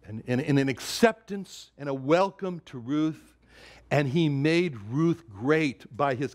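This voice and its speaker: A man preaching a sermon, emphatic, repeating words and quoting scripture in older English. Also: on the high side.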